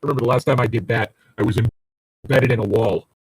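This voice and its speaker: A man's voice: medium pitch, fast, slightly rough, no echo, rough recording. A man co-hosting a comedy podcast, sarcastic and cursing as he jokes and reads his turn of the story. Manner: sarcastic, lively, swears a lot. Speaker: podcast co-host. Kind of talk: casual comedic banter and reading.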